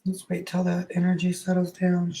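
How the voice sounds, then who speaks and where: A woman's voice: on the low side, monotone, moderate pace, dark tone. A middle-aged woman leading a casual live energy-healing session, chatty and frank, with easy swearing. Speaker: energy healer.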